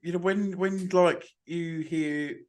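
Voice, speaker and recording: A man's voice: a little high, steady tone, slow. A man, co-hosting a podcast in casual chat, rambling and crude, with a lot of swearing. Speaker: podcast co-host.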